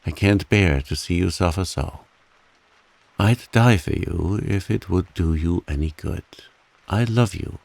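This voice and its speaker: A man voicing a humble, devoted man earnestly and huskily pleading his love in a soft bedtime reading. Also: low voice, unhurried, vocal fry, full character voice.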